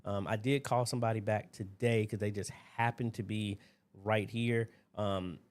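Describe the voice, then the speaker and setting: A man's voice: lowish voice, steady tone, moderate pace, a little mellow, slight background noise. Chatty man hosting a livestream. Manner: rambling, chatty, greets viewers by name. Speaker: livestream host. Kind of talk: casual livestream Q&A. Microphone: desk mic at a computer.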